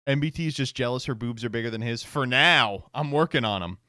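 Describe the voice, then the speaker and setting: A man's voice: mid-range voice, fairly quick, pushed and bright, dry recording, clean studio sound. A man streaming casual commentary, reacting to online posts with sarcastic remarks, frequent laughter and text read aloud.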